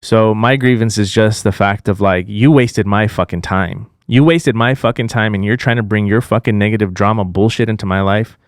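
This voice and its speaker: A man's voice: lowish voice, steady tone, moderate pace, hardly any pauses, clean tone, no room sound, studio quality. A man co-hosting a podcast, airing a grievance in a heated, profane rant. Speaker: podcast co-host. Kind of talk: casual chat.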